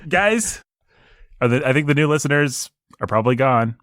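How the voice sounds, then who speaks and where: A man's voice: medium pitch, fairly even intonation, fast, fairly bright tone, no echo, studio quality. A man hosting a podcast, joking around and prompting his co-host with questions. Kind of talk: casual chat.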